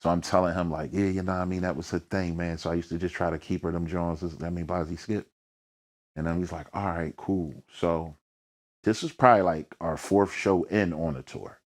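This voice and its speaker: A low-voiced man with a Philadelphia accent sits down for an interview about his rap career. He talks in thick slang and tells his stories with energy, acting out the voices and sounds in them. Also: fairly even intonation, brisk. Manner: slangy, peppered with "you know what I mean". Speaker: rapper, interview guest. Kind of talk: storytelling in a sit-down interview.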